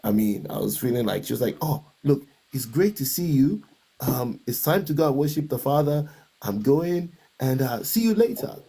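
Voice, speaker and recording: A man talks through a personal dream and what it taught him about marriage, pausing and restarting as he reflects. His voice is gravelly and husky, with a dark, mellow color. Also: medium pitch, animated. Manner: hesitant, reflective storytelling with restarts. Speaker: guest. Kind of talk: personal testimony in conversation.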